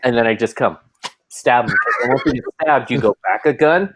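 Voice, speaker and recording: A man in his thirties, a podcast co-host chatting casually, who tells animated stories and acts out the voices in his quotes. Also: mid-range voice, a little fast, a little hiss or hum. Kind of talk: casual chat.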